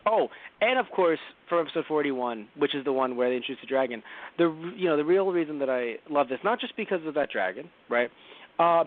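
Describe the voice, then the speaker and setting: A man co-hosting a podcast, chatting casually and rambling through an anime review, often slipping into quick impressions of characters. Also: a little high. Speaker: podcast co-host. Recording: dry, phone-like narrow sound.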